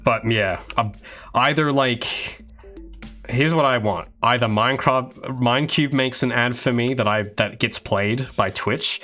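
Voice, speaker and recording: Here a game developer from Australia is streaming live and working while he chats with viewers in a rambling way, full of false starts and side comments. The man's voice sits at a medium pitch and sounds bright and forceful.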